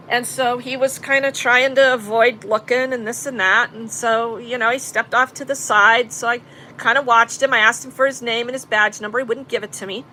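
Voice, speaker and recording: A woman's voice: a little high, steady tone, normal speed, pushed and bright, a little hiss or hum, rough recording. A woman telling a story in casual talk to her live chat, blunt and profane. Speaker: vlogger recounting an arrest.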